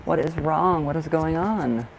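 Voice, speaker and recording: A man's voice: on the high side, a little slow, creaky, a little hiss or hum, rough recording. A young man doing tarot readings on a live stream, chatting casually with viewers, often apologizing and laughing. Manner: chatty, easily distracted, frequent apologies and laughs. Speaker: livestream tarot reader. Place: dark room at home.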